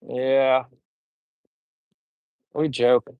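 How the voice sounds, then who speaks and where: A middle-aged American man with a plain General American accent, hosting a casual livestream and reading viewer comments in a relaxed, rambling way with many fillers. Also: medium pitch, extremely slow, clean tone, no echo, narrow, tinny audio. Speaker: livestream host.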